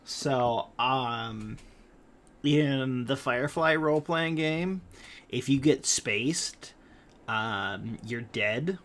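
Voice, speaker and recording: A man narrating as game master of a tabletop game, unhurried and hesitant, pausing with fillers. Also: medium pitch, a bit bright.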